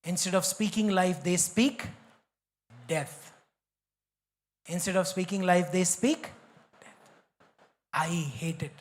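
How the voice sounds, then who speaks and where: A man's voice: high-pitched, takes it slowly, long pauses. A man with an Indian English accent, a pastor preaching a sermon in an emphatic, repetitive way, slipping into Hindi.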